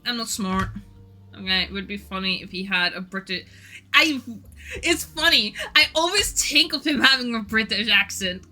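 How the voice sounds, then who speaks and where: Woman streamer, native Norwegian, very bright higher voice, giggly rambling chat, faint music underneath. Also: animated, moderate pace. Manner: giggly, rambling, self-deprecating.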